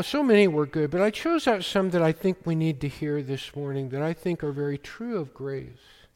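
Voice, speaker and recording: A man preaching a sermon as pastor, slow and emphatic, often quoting scripture. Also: on the high side, a little mellow, in a large hall.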